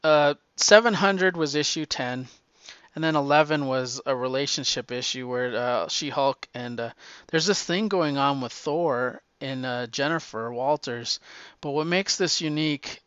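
Excited rambling man, bright crisp voice. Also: medium pitch, a little slow, dry recording, dull audio. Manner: enthusiastic, rambling, swears freely, many restarts. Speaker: comics podcast host. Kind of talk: casual chat.

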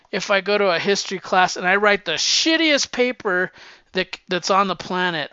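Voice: mid-range voice, animated, normal speed, sharp tone, clear, resonant tone, no room sound. A person in their fifties talking candidly in a rambling, profane monologue, with frequent restarts and sounding slightly winded. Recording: dull lo-fi sound.

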